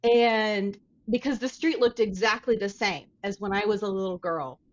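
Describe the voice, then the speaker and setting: Chatty storytelling woman, a little muffled. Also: medium pitch. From Dayton, Ohio. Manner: chatty storyteller, animated, quick asides. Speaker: artist guest. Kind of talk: casual interview conversation.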